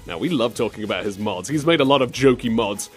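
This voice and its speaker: Animated man hosting a podcast. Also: medium pitch, fast talker, soft background music. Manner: animated, slips into silly impressions. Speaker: podcast host. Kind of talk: comedic podcast chat.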